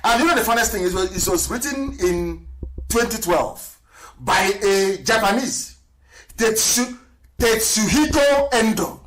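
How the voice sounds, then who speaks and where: A man's voice: sits high, expressive, measured pace, a little hiss or hum. A middle-aged man, giving an impassioned live radio lecture. He asks rhetorical questions and spells words out letter by letter. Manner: rhetorical, spells words out letter by letter, swings between loud and hushed. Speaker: political broadcaster.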